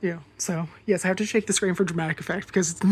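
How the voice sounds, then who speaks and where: Woman vlogger, casual storytime rant, slightly low voice, rambling, freely profane. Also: steady tone, rapid-fire, a little mellow, slightly rough. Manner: rambling, swears freely, lots of fillers.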